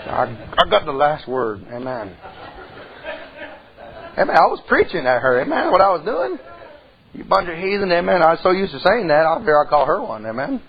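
A man's voice: a little high, sing-song, normal speed, highs cut off. A middle-aged man preaching a sermon in church, telling a folksy story and rising into emphatic calls to the congregation.

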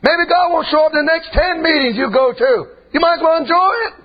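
A man preaching an impassioned sermon in a church, often breaking into shouts. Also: extremely high pitch, fairly quick. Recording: dull lo-fi recording.

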